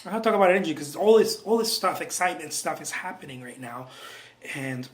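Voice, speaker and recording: A male painter vlogs from his studio, musing aloud in a loose, self-interrupting way with frequent chuckles. His voice sits a touch high and he keeps it hushed for the late hour. The room around him rings with a clear echo. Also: expressive, fast. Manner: loose and self-interrupting, chuckling often, many restarts and asides; talking low late at night. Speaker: painter vlogging about his work. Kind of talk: casual rambling monologue to camera. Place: art studio indoors.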